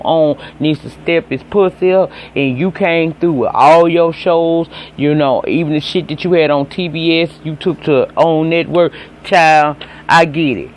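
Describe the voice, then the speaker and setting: A man's voice: a little high, a little hiss or hum. A man with a Southern accent casually recapping a TV episode, chatty and profane, talking straight to his viewers. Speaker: TV episode reviewer.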